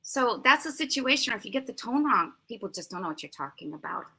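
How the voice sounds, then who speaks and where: An American woman in her sixties, a language teacher, giving lively, emphatic explanations as an interview guest. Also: a little high, fast talker, husky. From United States. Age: 60s. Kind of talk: conversational interview answers.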